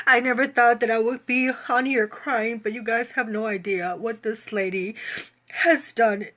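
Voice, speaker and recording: Tearful woman giving a slow testimonial. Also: fairly high pitch, steady tone, a bit bright. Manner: tearful, laughing through tears. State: crying. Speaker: fitness program creator giving a testimonial. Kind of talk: emotional live-stream testimonial.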